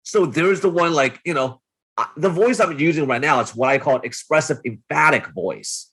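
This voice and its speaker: Male coach, husky voice, explanatory, demonstrates tones as he goes. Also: on the high side, lively intonation, normal speed, fairly bright tone. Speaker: dating coach. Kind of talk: casual podcast chat.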